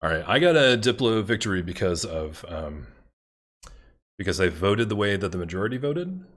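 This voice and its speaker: A man with a fairly low voice talks his way through a strategy game in loose, casual commentary. He mutters to himself, gets excited, and swears freely when a move goes wrong. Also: normal speed. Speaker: gameplay commentator.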